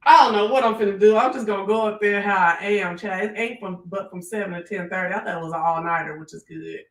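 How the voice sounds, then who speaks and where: A live-stream host chatting casually with viewers, animated and swearing freely, talking into a phone. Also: mid-range voice, fast talker.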